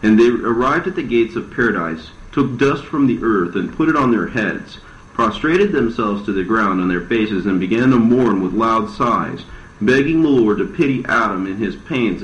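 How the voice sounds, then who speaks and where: Man narrator, low voice, steady reading, echoey room. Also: moderate pace. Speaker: reader. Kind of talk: scripted narration. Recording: roomy dull lo-fi recording.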